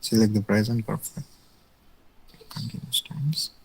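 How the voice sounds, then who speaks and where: A man's voice: lowish voice, a little slow, creaky, husky, rough recording. A man answering grammar quiz questions in a live lesson, giving short, polite, tentative replies. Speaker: student.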